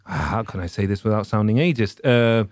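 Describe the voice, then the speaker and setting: A man's voice: fairly low pitch, moderate pace, darkish tone, dry recording, clean studio sound. Rambling man in casual chat. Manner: rambling, full of fillers and restarts.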